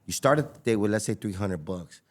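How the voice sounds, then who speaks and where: A man's voice: lowish voice, animated, fairly quick. A man, telling his story as a podcast guest in an emphatic, slangy way. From Los Angeles, USA. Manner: emphatic and slangy, with many fillers and repeats. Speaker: podcast guest, taco business owner. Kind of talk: casual storytelling.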